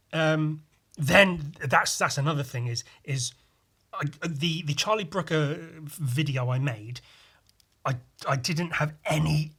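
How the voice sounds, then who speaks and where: Brief: young male podcast host, meandering sweary monologue, husky voice. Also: a little high, pushed and bright. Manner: meandering, full of fillers and swearing. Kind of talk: rambling solo podcast monologue.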